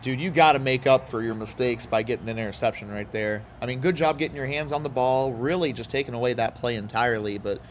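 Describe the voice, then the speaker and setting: A man from Houston giving casual, rambling commentary as he plays a football video game, with excited outbursts and side chatter. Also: medium pitch, quick pace, hardly any pauses, slight background noise. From Houston, Texas. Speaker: gaming YouTuber.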